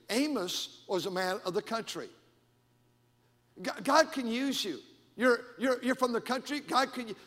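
A middle-aged man preaching a sermon as pastor, animated and emphatic with frequent repetitions, in a church sanctuary. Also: high voice. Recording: long hall reverb.

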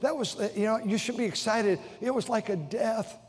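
An older man preaches from the pulpit, his voice high for a man. He talks with heartfelt emotion, stumbling and restarting his phrases. The big auditorium wraps every word in a long, ringing reverb. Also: moderate pace. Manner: emotional, repeating himself with stammered restarts. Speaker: pastor. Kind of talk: sermon. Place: large church auditorium.

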